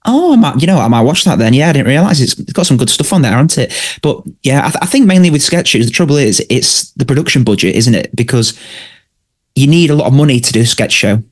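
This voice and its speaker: A man's voice: medium pitch, animated, fast talker. Chatty man, laughs along. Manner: chatty, laughs often, asks his co-host questions. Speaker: podcast co-host. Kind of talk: casual chat about a sitcom.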